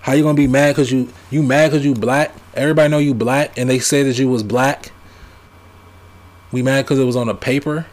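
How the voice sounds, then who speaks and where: A man's voice: mid-range voice, steady tone, fairly quick, darkish tone. Man ranting with rhetorical questions. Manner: emphatic, repetitive rhetorical questions. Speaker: vlogger. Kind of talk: ranting commentary.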